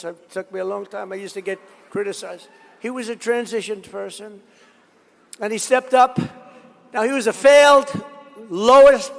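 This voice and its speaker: A man's voice: high-pitched, vocal fry. A man giving a rambling, boastful political rally speech, repeating himself and drifting into stories. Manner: boastful, repetitive, digressive storytelling. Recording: reverberant hall.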